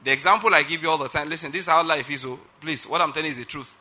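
Pastor guy preaching, super bright voice, hammers every point, keeps asking do you get it. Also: a little high, racing, breathy edge. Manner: emphatic, keeps asking if listeners follow. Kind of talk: sermon.

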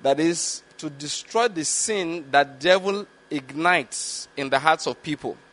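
A man teaching from the Bible in a sermon, reading verses slowly and stopping to explain them and check that listeners follow. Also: fairly high pitch, a bit bright. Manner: slow, deliberate reading of scripture with explanatory asides; repeatedly checks understanding with the listeners. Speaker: preacher.

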